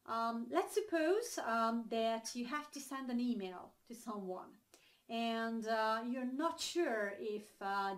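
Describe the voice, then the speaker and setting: A young Hungarian-accented woman with a fairly high voice teaches English phrases during an online lesson. She's chatty, working through everyday examples and using lots of ums and uhs.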